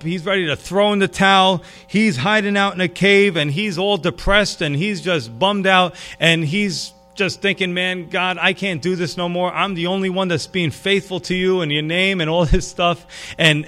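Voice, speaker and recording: Animated preacher, man with faint music. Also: a little high. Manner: animated, drops to a hush for emphasis. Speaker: pastor. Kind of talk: sermon.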